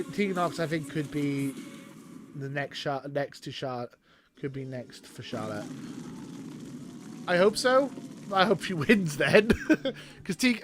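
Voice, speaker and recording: A young Welshman rambling excitably in casual live commentary as he watches a wrestling show. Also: a little high. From Wales. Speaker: streamer.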